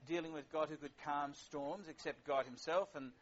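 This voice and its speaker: A man's voice: fairly high pitch, fairly even intonation, moderate pace. Middle-aged male preacher, casual wry sermon delivery with fillers, dull lo-fi sound. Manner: conversational, wry, with frequent fillers.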